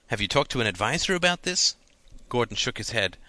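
A man's voice: fairly low pitch, brisk, pushed and bright, no echo. A man reading a novel aloud as narrator, lightly shifting his voice for the characters, with a few slips and restarts. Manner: reads dialogue with small shifts, some slips and restarts. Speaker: audiobook narrator.

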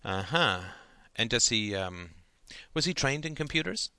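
A man voicing an awkward, probing teenage schoolboy in a storybook reading, halting and stammering. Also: mid-range voice, sing-song, pushed and bright, clean tone, dry recording, full character voice.

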